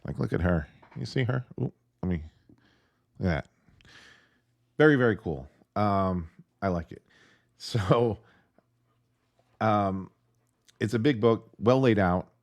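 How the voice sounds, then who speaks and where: Deep-voiced man casually reviewing a game. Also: expressive, takes it slowly, long pauses, no room sound. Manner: rambling and enthusiastic, with many fillers. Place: at home with his dog nearby.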